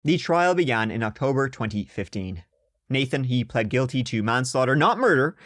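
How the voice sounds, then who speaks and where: A man's voice: medium pitch, normal speed, dry recording, studio quality. A man hosting a podcast, telling a true crime story with sarcastic, swearing asides. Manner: sarcastic, swearing, animated outbursts. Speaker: podcast host.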